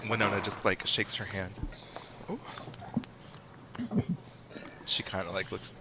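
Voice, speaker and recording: A man playing a tabletop game, speaking quietly and sounding tired. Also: on the low side, level tone, measured pace. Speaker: player. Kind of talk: casual tabletop game chat. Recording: audible background hiss.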